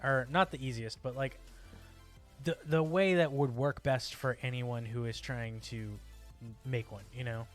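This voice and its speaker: A man's voice: mid-range voice, steady tone, a little slow, soft background music. A man casually chatting while streaming a game, rambling and breaking into yelps and exclamations as things happen in play. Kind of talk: casual gameplay chat.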